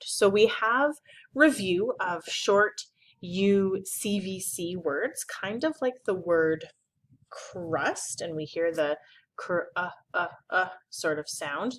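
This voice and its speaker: A woman's voice: on the low side, poor audio. A young woman teacher patiently explaining a phonics spelling sort, stretching out vowel sounds to model them.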